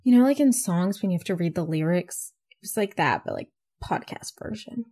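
A woman's voice: fairly low pitch, very animated, a little fast, warm tone, husky. Bubbly, rambling teenage girl podcaster. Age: teens. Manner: rambling, bubbly, self-mocking, swears casually. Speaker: podcast host. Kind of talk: casual solo podcast chat.

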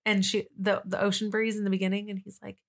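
Quick and flat in delivery, this medium-pitched young woman co-hosts a laid-back true-crime podcast. She narrates like a chatty storyteller, voicing people's quotes and dropping plenty of "like"s.

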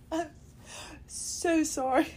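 Lady podcaster lying down at home, high voice, slow, rambly and emotional, keeps saying sorry. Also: darkish tone, a little hiss or hum. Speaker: podcast host. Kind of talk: unscripted personal chat.

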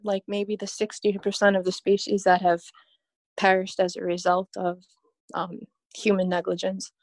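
A woman's voice: medium pitch, monotone, normal speed, dry recording. Earnest, rambling woman guest, dry sound. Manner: rambling, earnest, laughs often. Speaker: podcast guest. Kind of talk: casual podcast chat.

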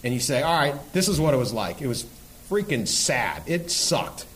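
Columnist guy on a live podcast, mid-pitched voice, rambles and restarts, swears for emphasis. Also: very animated, moderate pace, a bit bright, poor audio. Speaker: guest sports columnist. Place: before a live audience on a university campus.

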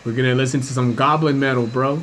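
A man's voice: mid-range voice, steady tone, quick pace, fairly bright tone, slight background noise. A man in his thirties, a comedian telling stories in a casual chat, swearing a lot and saying dude and bro. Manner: laid-back storytelling, heavy swearing, says dude and bro. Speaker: comedian, podcast host.

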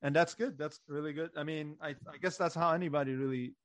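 A man's voice: on the high side, fairly even intonation, a bit bright, no room sound. A man hosting a podcast interview, asking questions in an easygoing, encouraging way. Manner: easygoing, encouraging, quick to laugh. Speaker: podcast host. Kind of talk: casual interview.

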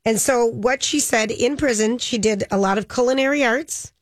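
A woman's voice: a little high, normal speed, no echo. A woman co-hosting a casual chat, retelling a news story in a loose way with frequent ums and a dismissive "blah, blah.".

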